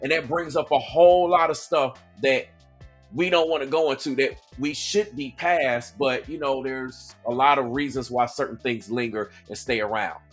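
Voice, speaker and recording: Southern man from Atlanta, reaction host, talks casually and keeps checking in with the listener over soft background music. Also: medium pitch, normal speed. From Atlanta, Georgia. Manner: conversational, checks in with "okay?" and "right?". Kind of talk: casual commentary.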